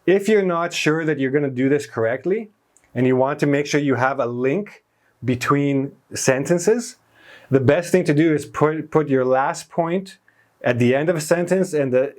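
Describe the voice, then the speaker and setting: Male teacher, patient grammar lesson, mid-range voice, leans on key words. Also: medium pitch. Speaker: English teacher.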